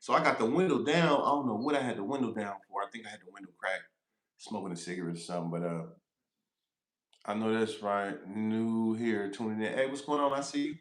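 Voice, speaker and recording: Profane, animated trucker telling road stories. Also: male voice, lowish voice, brisk, roomy sound. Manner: animated, profane, laughing storyteller. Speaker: truck driver. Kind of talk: casual storytelling livestream.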